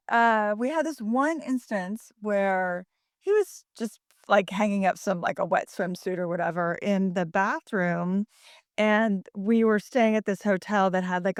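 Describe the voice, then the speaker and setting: A middle-aged woman spins a story in relaxed podcast chat, full of fillers and quick laughs. Her voice sits at a middle pitch, and the sound is dry and close. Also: dry recording. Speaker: podcast co-host. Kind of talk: casual chat.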